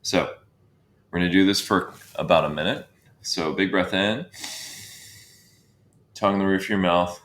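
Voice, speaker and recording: Breathwork instructor, male, low register, calm coaching cadence, echoey room. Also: moderate pace, pauses often, a little hiss or hum. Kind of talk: guided breathwork session. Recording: roomy echo.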